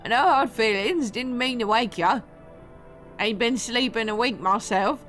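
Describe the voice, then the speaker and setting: A woman voicing a weary male grave digger in a rough, folksy put-on British-sounding drawl, in a video game. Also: fairly high pitch, unhurried, fairly bright tone, soft background music. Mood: spooked. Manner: rough folksy drawl, stumbling over words.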